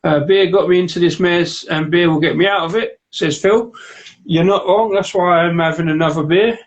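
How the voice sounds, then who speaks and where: A man's voice: high-pitched, normal speed, muffled recording. A man co-hosting a beer review livestream, joking around, reading viewer comments and describing beers. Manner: jokey, banters and reads out viewer comments. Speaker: co-host of a beer review show. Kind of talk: casual chat and beer tasting on a livestream. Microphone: home setup on a live video stream.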